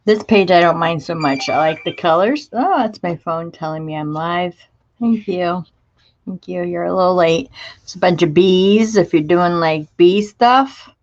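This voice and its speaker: A woman's voice: on the low side, measured pace, dull audio. A woman hosting a crafting livestream, chatting casually and gushing as she greets viewers by name and shows craft supplies. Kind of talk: casual live chat while showing craft supplies.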